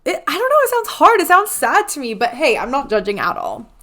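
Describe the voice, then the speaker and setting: A young adult woman hosting a podcast, telling a personal story in a casual, animated way and acting out the dialogue with lots of "like.". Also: sits high, brisk. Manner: animated, acts out quoted dialogue, frequent "like". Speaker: podcast host.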